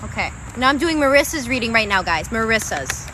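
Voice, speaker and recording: A young woman does tarot readings on a live stream, her voice on the high side, sing-song and brisk, with a noisy background behind her. She's chatty and casual, swears freely, and calls her viewers "guys" and "babe."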